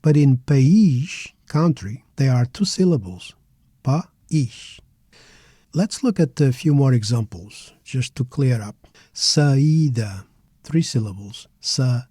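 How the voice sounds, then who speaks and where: A middle-aged man teaching a pronunciation lesson, slowly modeling words syllable by syllable. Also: mid-range voice, animated, mellow, breathy edge, no room sound, studio quality. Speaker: language teacher. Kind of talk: slow, careful pronunciation lesson.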